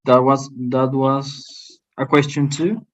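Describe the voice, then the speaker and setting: A man answers listening exercises over a video call, hesitating and thinking aloud before he commits. His voice is even in pitch. The call audio sounds dull and lo-fi. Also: slow. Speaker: student. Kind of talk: online lesson answering exercises.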